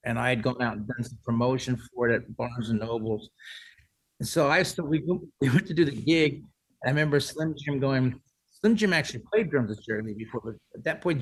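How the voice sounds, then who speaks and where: A man's voice: medium pitch, rough recording. A man in his sixties, a musician guest, telling long rambling stories in a casual interview. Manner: rambling anecdotes, many restarts and "like".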